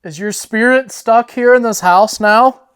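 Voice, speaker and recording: A man on a ghost hunt, gently and politely coaxing a spirit with questions, recorded in an office of an old house. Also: high-pitched, a little slow. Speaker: paranormal investigator. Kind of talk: ghost-hunting session talk.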